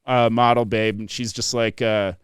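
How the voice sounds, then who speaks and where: A man's voice: medium pitch, normal speed, clean tone, no echo, studio quality. A man on a podcast telling a long story in casual, profane chat, acting out the people in it. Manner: animated, profane, acts out quoted voices. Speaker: podcast host.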